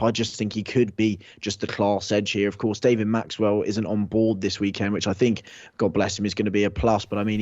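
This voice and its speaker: A man co-hosting a horse racing preview, working quickly through each horse's form. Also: lowish voice, darkish tone, dry recording, dull audio. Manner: fast, form-heavy analysis with restarts. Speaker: racing tipster co-host. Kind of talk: casual racing preview chat.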